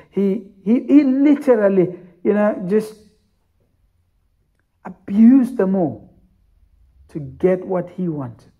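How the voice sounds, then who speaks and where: A man's voice: high voice, expressive, slow pace, warm tone. A man preaching a sermon as pastor, telling the story emphatically with repeated phrases.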